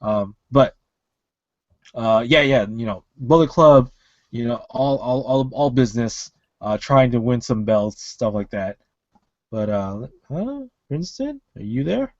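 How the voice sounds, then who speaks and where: A man's voice: mid-range voice, measured pace, a little mellow, dry recording, lo-fi sound. A man co-hosting a casual wrestling podcast over an online call, rambling with many fillers and restarts. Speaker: podcast co-host.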